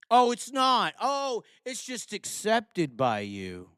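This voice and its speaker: A male live-stream host with a high, smooth voice and a sarcastic, ranting delivery. He mocks his chat as he talks. The sound is dry and close, with no room echo. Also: wildly swooping pitch, slow pace, hardly any pauses, fairly bright tone. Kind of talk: live call-in chat show.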